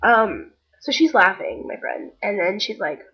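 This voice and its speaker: A young woman with a slightly husky, mid-range voice chats to the camera, telling a story and acting out whoever she quotes. Her intonation is lively and her pace measured, and the recording sounds dull and lo-fi in this casual vlog.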